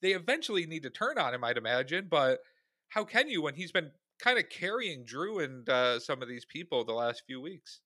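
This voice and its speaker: A man co-hosting a casual podcast, talking at an ordinary middle pitch with a bright, forceful tone. The sound is dry and close, with no room around it, and he lays out his views in an easygoing way. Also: big pitch swings, normal speed, no room sound. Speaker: podcast co-host. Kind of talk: casual chat.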